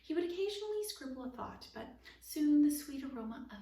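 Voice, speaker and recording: A woman reading a children's story aloud, her voice a little high, breaking off into soft whispered asides about the pictures. She sounds distant in an echoey room, with a faint hiss in the background. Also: sing-song, a little fast. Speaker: storytime reader.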